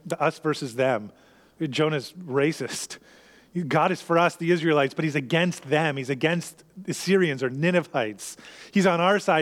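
A slightly higher-voiced man preaching a sermon in an earnest, conversational way. His voice carries through a long-reverb church hall as he unpacks the story and presses its lesson on his listeners. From Canada. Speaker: pastor.

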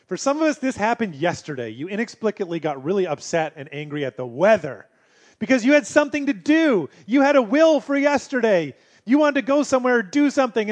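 A man preaching a sermon as pastor, earnest, moving between emphatic passages and hushed ones. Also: very high voice, expressive, brisk.

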